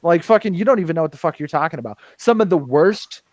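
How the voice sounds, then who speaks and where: Guy ranting hard on a podcast, lots of swearing, kinda high voice, dead dry sound. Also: expressive, quick pace, no echo, low-quality recording. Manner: heated, profane, rambling with restarts. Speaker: podcast host. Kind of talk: casual roundtable rant.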